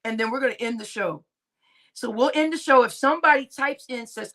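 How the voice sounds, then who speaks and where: A woman's voice: fairly high pitch, fairly quick, bright, forceful tone. A woman hosting a casual live stream, chatting and laughing with her viewers and addressing them as y'all. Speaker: livestream host.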